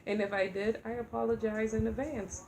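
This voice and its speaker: A woman's voice: a little high, fairly even intonation, brisk, a little mellow, a little hiss or hum. A middle-aged woman vlogging in a rambling, heartfelt way about faith and everyday life. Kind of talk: casual chat.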